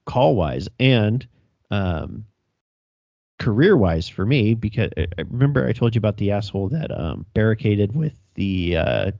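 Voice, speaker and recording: A man's voice: lowish voice, lively intonation, normal speed, creaky, a little mellow, no room sound. A young male police officer telling a chase story on a casual podcast, laughing, swearing and acting out radio calls. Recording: dry, dull lo-fi sound.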